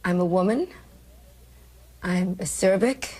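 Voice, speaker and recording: A woman's voice: fairly low pitch, slow, dark tone. An older woman with a New York accent, a comedian telling brash, self-mocking stories in an interview. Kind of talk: candid interview storytelling.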